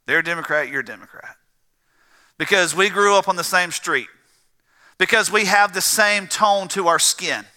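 A man's voice: high voice, moderate pace, sharp tone. A man with a South Georgia accent preaching a sermon as pastor, earnest, repeating phrases and building emphasis. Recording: long reverb of a large hall.

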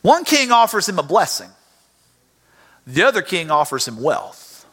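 Animated preacher in a hall. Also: male voice, high voice, a little slow, breathy edge. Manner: animated storytelling, acts out voices. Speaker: pastor. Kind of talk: sermon. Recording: reverberant hall.

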